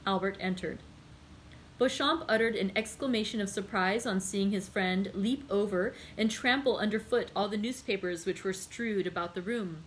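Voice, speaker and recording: A woman librarian reading a classic novel aloud, steady and unhurried, correcting her own slips. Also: medium pitch, a little hiss or hum, low-quality recording. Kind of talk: book read-aloud narration.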